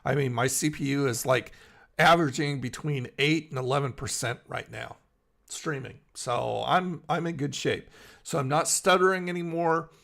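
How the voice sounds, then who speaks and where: Gravelly middle-aged man chatting from bed. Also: medium pitch, moderate pace, a bit bright. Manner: rambling, chatty, answers viewers by name. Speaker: live stream host. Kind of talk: casual live-stream chat, reading chat aloud. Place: in bed at home.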